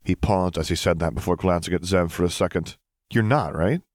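A man narrating a serialized fan fiction story in a steady, even reading voice. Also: low-pitched, fast talker, dry recording, studio quality. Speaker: audiobook reader.

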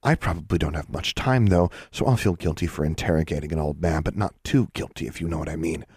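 A man's voice: extremely low pitch, quick pace, darkish tone, husky, no room sound, clean studio sound. A man voicing a brash, ruthless young witch who speaks curtly and sardonically. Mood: sardonic. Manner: curt, sardonic.

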